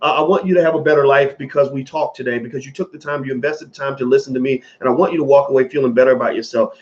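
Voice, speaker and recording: A man from the American South giving a casual, animated commentary monologue, swearing freely and repeating phrases for emphasis. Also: medium pitch, racing, lo-fi sound.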